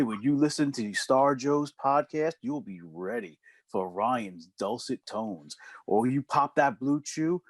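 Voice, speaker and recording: A man doing a sultry late-night ad pitchman. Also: no echo. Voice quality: low breathy seductive purr, slow drawn-out delivery. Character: sultry male ad pitchman, smooth and suggestive. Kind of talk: parody commercial. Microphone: video call.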